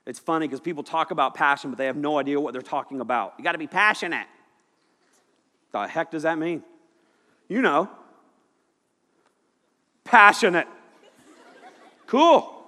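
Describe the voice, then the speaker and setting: A man preaching a lively, jokey youth sermon to a room of students. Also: on the high side, brisk, long pauses. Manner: animated, jokey, shouting at times. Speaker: youth pastor. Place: church hall with audience. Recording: echoey hall.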